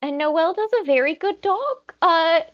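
A woman co-hosting a podcast in casual chat, with playful deadpan jokes. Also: very high-pitched, normal speed, muffled recording. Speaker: podcast co-host.

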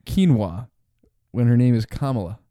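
A man's voice: medium pitch, lively intonation, moderate pace, dark tone, dry recording. A young man co-hosting a podcast in casual chat, with dry, teasing banter. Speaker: podcast co-host.

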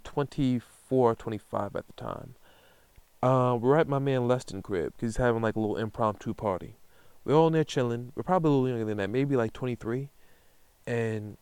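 Gravelly slangy New man. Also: mid-range voice, no room sound. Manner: slangy, profane, animated retelling. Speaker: podcast host. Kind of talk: casual storytelling monologue.

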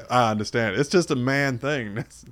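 Male podcast host, mid-pitched, loose profane banter, laughs a lot. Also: slow pace, a bit bright. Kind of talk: casual chat.

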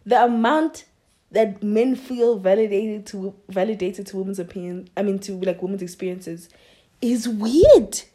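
A woman's voice: mid-range voice, measured pace, warm tone. A young woman hosting a podcast, ranting in a casual, sassy way with laughter and mocking impressions. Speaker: podcast host. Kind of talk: casual monologue.

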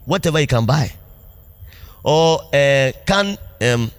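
A pastor preaching a sermon in a church, animated, laughing often and asking the congregation questions. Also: male voice, medium pitch, takes it slowly, clear, resonant tone. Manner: call-and-response preaching, asks congregation questions.

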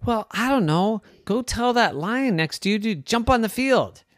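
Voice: medium pitch, expressive, measured pace, no room sound, studio quality, pitched above the performer's own voice, lightly acted. A storyteller voicing a small, brave, boastful mouse who pleads and insists he can play. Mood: eager.

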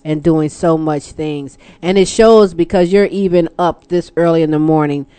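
A woman's voice: sits low, normal speed, dark tone, smooth. Playful woman radio host. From Texas. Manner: playful, teasing, laughs often. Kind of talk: casual radio talk show chat.

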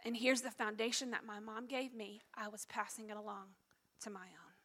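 A middle-aged woman pastor preaching a sermon in an earnest, confessional way, dropping to hushed tones at times. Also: fairly high pitch, fairly even intonation, brisk, husky.

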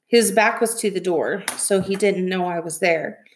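A woman reading a novel aloud in soft, steady storytelling. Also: on the low side, moderate pace, slight background noise. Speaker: reader.

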